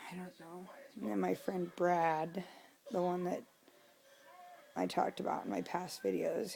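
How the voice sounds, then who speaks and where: A young woman with a deep, heavily gravelly, dark voice, venting in a casual home vlog. She has been drinking, swears freely, and sometimes sinks to a hushed whisper. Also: rough recording. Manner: venting, profane, drops to a whisper. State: drunk. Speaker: vlogger. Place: home, indoors.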